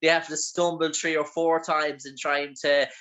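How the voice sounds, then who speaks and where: A man's voice: on the high side, level tone, normal speed, a bit bright, poor audio. A man from Ireland with an Irish accent, interviewing a guest with long, rambling, filler-heavy questions. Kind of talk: casual interview chat.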